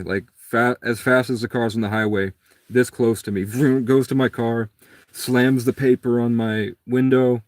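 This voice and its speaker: A man's voice: mid-range voice, no room sound, clean studio sound. A man telling a long personal story in a casual, rambling monologue. He acts out the other people's lines in a raised voice.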